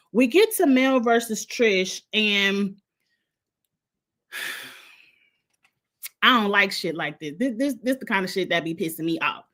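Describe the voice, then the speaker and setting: In casual talk, a woman from Illinois with a combined Midwestern and Southern US accent recaps reality TV bluntly and sassily, full of opinions. Her voice is fairly high with a fairly bright tone.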